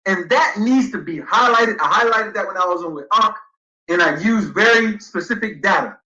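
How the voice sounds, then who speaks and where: A guest speaker in a livestream debate lecture argues his points emphatically and reads passages aloud as support. His high voice is animated, bright and forceful at normal speed, and the audio is reverberant with the highs cut off.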